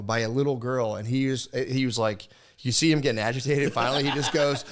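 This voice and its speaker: Casting note: man in his thirties, podcast host, loose swearing storyteller who bursts into shouted impressions. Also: mid-range voice, steady tone, fairly quick. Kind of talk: casual podcast chat.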